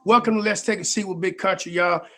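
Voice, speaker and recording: Male host, high voice, folksy and laid-back, slightly under the weather. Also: steady tone, fast, background noise. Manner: easygoing, folksy, repeats "man" and "y'all". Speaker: show host. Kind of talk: casual live-stream podcast intro.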